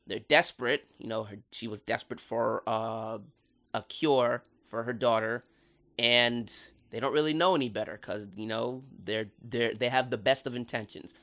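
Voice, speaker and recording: A man talks through a cartoon episode in casual video commentary. His voice sits at a middle pitch, and he is animated and enthusiastic, with plenty of slang. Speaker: cartoon reviewer.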